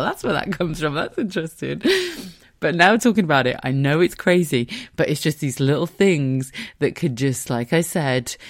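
A woman hosting a casual solo podcast, talking candidly and swearing freely while poking fun at herself. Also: low voice. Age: adult. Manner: candid, self-mocking, sweary. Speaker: podcast host.

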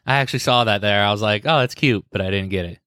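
A man's voice: on the low side, fast, bright, forceful tone, clear, resonant tone, no room sound, clean studio sound. A man co-hosting a podcast, asking curious questions and reacting in casual chat. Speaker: podcast co-host.

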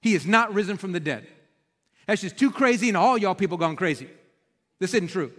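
A preacher putting on a stubborn disciple who flatly refuses to believe, scoffing in a folksy way. The voice sits high for a man, with a long church echo. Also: fairly quick. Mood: defiant. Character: stubborn doubting adult male disciple.

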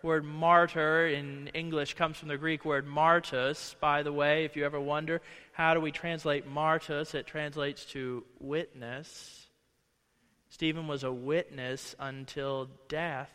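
A man's voice: a little high, flat delivery, a little slow, bright, forceful tone, clear, resonant tone, in a large hall. A man preaching a conversational sermon as pastor in a church, slipping into quoted voices. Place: church sanctuary.

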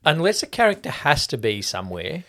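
A man's voice: on the high side, very animated, fairly quick, fairly bright tone. A man co-hosting a casual movie review podcast, arguing his points emphatically and swearing now and then. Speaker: podcast co-host. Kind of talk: casual film review chat.

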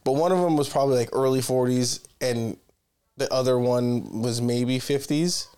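A young man co-hosts a podcast, chatting casually as he rambles through stories, swears freely, and keeps cutting himself off. His voice is medium-pitched with a dark tone, at normal speed, and the audio is clean.

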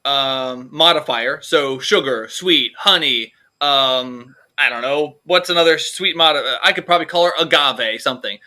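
A man's voice: medium pitch, normal speed, few pauses, sharp tone. A man co-hosting a comedy podcast, rambling through jokes and swearing freely in casual chat. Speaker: podcast co-host.

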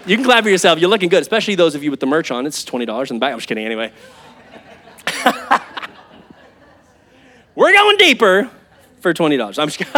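A man in his thirties preaches a sermon live in church, animated and conversational, shouting out to the congregation, in a high voice.

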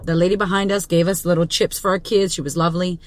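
A woman's voice: on the low side, level tone, fast talker, no room sound. Blunt, profane woman giving a pep talk. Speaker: business coach and podcast host. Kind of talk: motivational monologue. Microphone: studio podcast mic.

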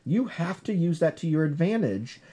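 A man's voice: fairly high pitch, very animated, moderate pace, mellow, slightly rough. A man giving a chatty class lecture on comics, full of asides and self-corrections.

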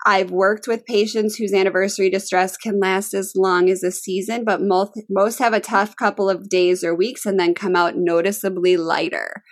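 A woman's voice: medium pitch, fairly even intonation, normal speed, few pauses, no echo. Earnest woman reading tips, dry sound. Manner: earnest, conversational, with frequent ums. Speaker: podcast co-host. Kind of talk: casual chat reading tips from an article.

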